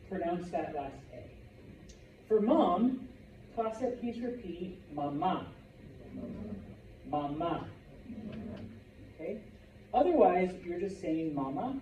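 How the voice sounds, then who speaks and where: A man's voice: high-pitched, expressive, slow pace, pauses often, dark tone, a little hiss or hum, rough recording. A man teaching a Spanish vocabulary lesson to a class, chatty, with joking asides and frequent "okay?" check-ins.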